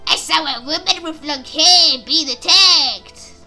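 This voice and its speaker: A woman plays a ditzy young witness in a game dub, coy and bubbly. The voice sits very high with a bright ring, and the lines come out slowly and breathily. Faint game music plays behind. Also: heavily acted. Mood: shrill. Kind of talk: amateur game voice acting.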